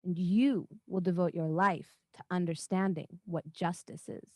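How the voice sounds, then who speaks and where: A woman voicing a tall, mysterious woman who speaks softly and persuasively in a tabletop game. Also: lowish voice, steady tone, unhurried, no echo, clean studio sound. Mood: coaxing. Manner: soft, gentle, persuasive.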